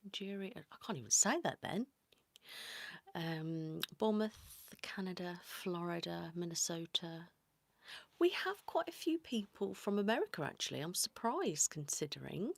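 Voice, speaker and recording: A woman hosting a whispered ASMR livestream, greeting viewers by name in a soft whisper. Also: lowish voice, animated, normal speed, gravelly, no echo. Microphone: close sensitive mic.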